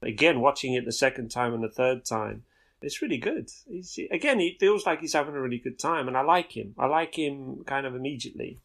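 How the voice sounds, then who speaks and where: A man's voice: mid-range voice, lively intonation, a little fast, creaky, a bit bright. A man who works as a film director, talking casually as a podcast guest and rambling through his thoughts with many restarts.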